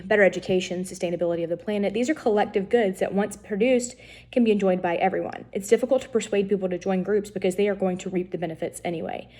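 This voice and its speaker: Woman teaching a class, warm mellow tone, lots of ums and restarts. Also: mid-range voice. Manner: explanatory, frequent ums and self-corrections. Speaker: lecturer. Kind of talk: recorded lecture on political science.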